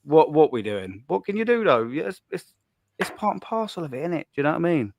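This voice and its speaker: A man's voice: on the high side, sing-song, fast talker, creaky, a little hiss or hum. A man, joking crudely in casual banter, tagging lines with "do you know what I mean". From England. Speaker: podcast co-host.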